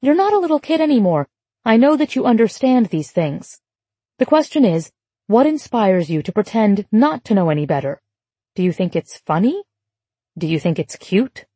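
A firm, no-nonsense mother who puts pointed questions to her small daughter, as a woman reads her in an audiobook. The tone is warm and mellow with a breathy edge, and the recording is close and dry. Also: mid-range voice, very animated, normal speed, no echo. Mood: stern. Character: brisk adult mother scolding her daughter.

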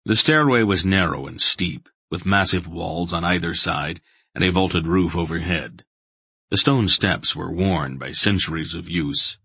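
A man reading a fantasy audiobook in steady, measured scripted narration. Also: deep voice, vocal fry, husky, no echo.

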